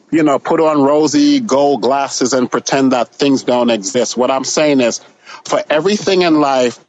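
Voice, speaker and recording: A man's voice: mid-range voice, poor audio. Sassy, blunt man as a guest. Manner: sassy, blunt, with bold punchy advice. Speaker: podcast guest. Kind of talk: casual chat.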